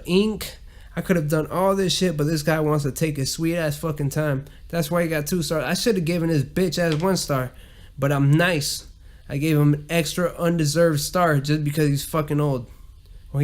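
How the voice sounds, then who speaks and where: Profane ranting man with a Southern accent. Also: fairly high pitch. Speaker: podcast host. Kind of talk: casual ranting monologue.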